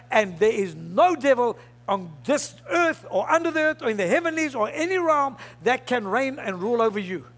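High, bright-voiced fervent preacher man. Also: sing-song, normal speed. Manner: fervent preaching, bursts into shouts. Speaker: pastor. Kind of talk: sermon.

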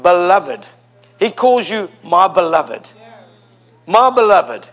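A man's voice: sits high, very animated, slow pace, long pauses, fairly bright tone. A man preaching a sermon to a congregation, emphatic and repetitive, leading them in call and response. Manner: emphatic, repeats phrases for effect. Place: church before a congregation.

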